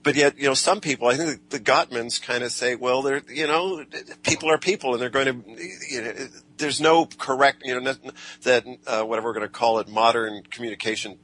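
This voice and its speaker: Bright-voiced man questioning guests. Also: mid-range voice, brisk, low-quality recording. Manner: hesitant, probing, plays devil's advocate. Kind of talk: radio talk.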